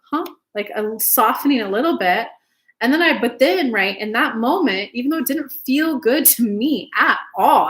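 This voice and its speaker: A woman's voice: fairly high pitch, fairly bright tone. A woman giving casual spiritual relationship advice, chatty and loose, cursing now and then and acting out little dialogues. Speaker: spiritual advice channel host.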